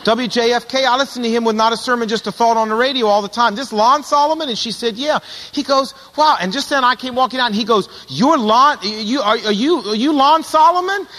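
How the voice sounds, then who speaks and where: High bright voice, middle-aged guy preaching, acts out all the voices in his stories, big echoey church hall. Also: fast talker. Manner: animated storyteller acting out quoted voices. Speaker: pastor. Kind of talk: sermon storytelling.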